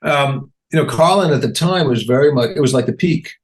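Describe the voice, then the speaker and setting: Man telling stories, animated and chatty. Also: mid-range voice, a little fast. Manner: animated, acts out quotes in raised voices, laughs often. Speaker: guest comedian. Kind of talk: casual interview storytelling.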